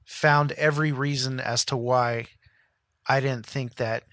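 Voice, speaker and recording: Male pastor in his thirties, co-host, animated storyteller voicing quotes, mid-pitched, dry studio sound. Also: unhurried, no echo. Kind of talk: casual storytelling chat.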